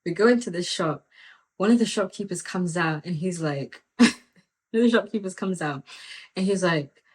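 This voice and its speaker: A woman hosting a podcast, telling stories in a lively, conversational way and often dropping "like" and "you know" as she talks about faith. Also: fairly low pitch, moderate pace. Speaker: podcast host and faith mentor. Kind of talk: casual faith talk with storytelling.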